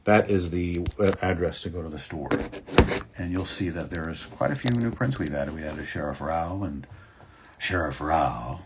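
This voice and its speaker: A man's voice: low voice, a little hiss or hum. A man in his fifties, a voice actor hosting a casual fan Q&A stream, rambling easily with fillers. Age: 50s. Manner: relaxed, rambling, many fillers. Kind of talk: casual livestream chat.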